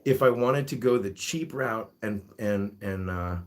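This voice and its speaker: A man's voice: on the low side, a little slow. Man chatting casually on a live stream. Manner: chatty, reads comments aloud, talks to his pets. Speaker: guinea pig rescuer hosting a live chat.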